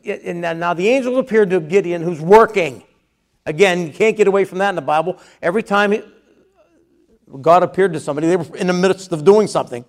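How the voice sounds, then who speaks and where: A man's voice: sits high, a little fast. A man preaching a conversational sermon, reading scripture aloud and then retelling it in his own words.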